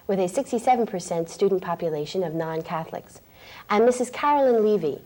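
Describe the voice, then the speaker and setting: Mellow-voiced woman hosting a TV program. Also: lowish voice. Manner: clear, measured read of prepared lines. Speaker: program host. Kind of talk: scripted TV magazine hosting. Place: 1980s TV studio.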